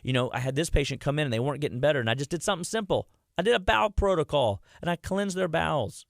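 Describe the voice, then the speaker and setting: This radio health talk comes from a clinician guest whose slightly high voice has lively intonation and vocal fry. He talks fast with few pauses, calling listeners "guys," often restarting or repeating himself and acting out the voices of those he quotes. The studio sound is clean, with no room tone.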